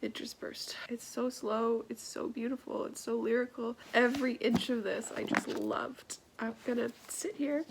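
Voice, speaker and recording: A woman's voice: a little high, fairly even intonation, normal speed, gravelly, hardly any pauses, very noisy. Stuffy-nosed woman vlogging about books. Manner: emotional, laughs often, drops to soft whispers. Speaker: book vlogger. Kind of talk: casual vlog chat.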